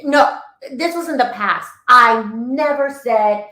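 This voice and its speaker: A woman chatting as a show co-host, her voice sitting a little high. She tells her stories animatedly and acts out each quoted line, heard in an echoey room. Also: slow pace, pushed and bright. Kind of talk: casual chat.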